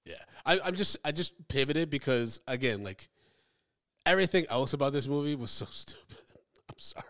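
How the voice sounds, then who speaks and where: A man co-hosting a casual movie podcast, animated, dropping into mumbled asides and then rising into excited outbursts. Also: medium pitch, brisk. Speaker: podcast co-host. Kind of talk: casual chat.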